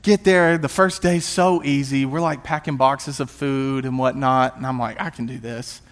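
Animated man telling a church testimony. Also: medium pitch. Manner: animated, self-mocking storyteller with quick restarts. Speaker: youth pastor and worship leader. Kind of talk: testimony storytelling in a sermon.

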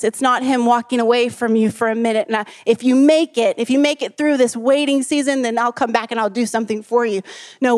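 Woman preacher with a fairly high voice, dry close sound; earnest, emphatic sermon delivery that leans on key words and calls for congregation responses. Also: darkish tone, no room sound.

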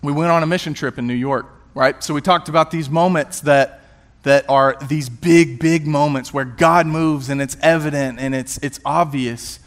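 A male youth pastor and worship leader telling a personal testimony in a sermon, animated and self-mocking, with quick restarts. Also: a little high.

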